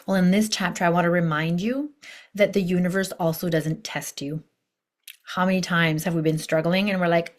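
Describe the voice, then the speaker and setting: A woman's voice: medium pitch, moderate pace. A woman teaching a recorded online course as a life coach, speaking conversationally with rhetorical questions and acting out inner voices. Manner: animated, acts out inner voices in quotes.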